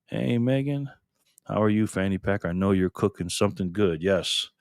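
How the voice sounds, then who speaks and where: A man's voice: on the low side, moderate pace, gravelly, clean tone, dry recording, clean studio sound. An upbeat man hosting a live stream, chatting casually and greeting viewers by name. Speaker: livestream host. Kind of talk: casual live stream chat reading comments.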